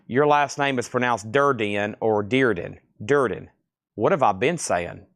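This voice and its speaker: Fast-talking Southern man selling records. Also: medium pitch, a bit bright, no echo. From Tennessee, US. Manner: fast, joking patter, drawled Southern vowels. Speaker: live-stream record seller. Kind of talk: live sales auction chat.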